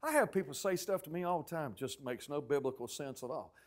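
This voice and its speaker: High-voiced pastor guy preaching, gets loud then hushed, acts out what folks said. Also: a little fast. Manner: animated storytelling preacher, acting out quotes loudly then dropping to a hush. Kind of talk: sermon.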